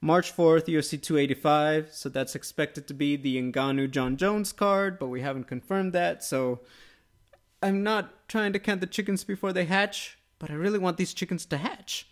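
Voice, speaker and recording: A man hosting a casual MMA podcast, talking quickly and upbeat, tossing questions to his co-host. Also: on the high side. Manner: quick, upbeat, conversational with quoted asides. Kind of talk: casual sports chat.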